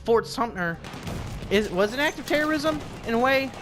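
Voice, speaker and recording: A young American man plays a game while giving profane, rambling commentary, jumping between topics with asides over the game's music and gunfire. His extremely high voice is expressive and moves at normal speed.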